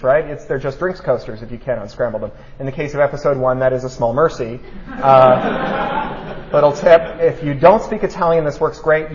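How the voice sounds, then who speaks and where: Man, public talk, quick animated delivery, somewhat high pitch, dull lo-fi sound. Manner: fast, animated, keeps saying right. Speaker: speaker at a talk. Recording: dull lo-fi recording.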